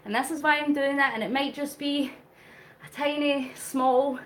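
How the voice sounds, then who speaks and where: A woman's voice: high voice, steady tone, moderate pace, a bit bright. A woman chatting earnestly on a live stream while riding an exercise bike, slightly out of breath and talking to viewers by name. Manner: earnest, emotional, reads out viewer comments. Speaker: vlogger doing a live charity cycle.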